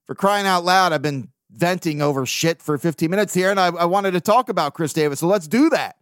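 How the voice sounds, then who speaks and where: A man's voice: sits high, brisk, a bit bright, no room sound, studio quality. Profane ranting sports podcast man. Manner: blunt, profane, venting, with mocking put-on quotes. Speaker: podcast host. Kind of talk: casual sports rant.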